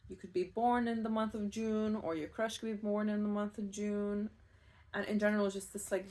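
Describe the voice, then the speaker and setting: A woman giving a casual pick-a-card tarot reading, chatty and rambling, with soft laughs and fillers. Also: fairly low pitch, a little hiss or hum. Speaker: tarot reader.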